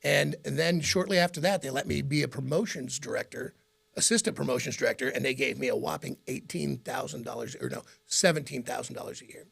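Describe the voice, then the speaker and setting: A man's voice: mid-range voice, a little fast, gravelly, breathy edge. A middle-aged man with a Midwestern American accent, telling stories in a casual interview and acting out the voices of people he quotes. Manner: animated storyteller, acts out quotes, laughs often. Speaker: radio host and guest.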